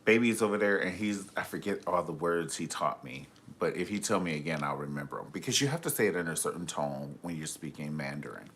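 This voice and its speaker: A man's voice: low voice, a little fast, hardly any pauses, fairly bright tone, slight background noise. A man hosting a casual live stream, telling gossipy stories in a sassy, flamboyant, profane way and calling people honey.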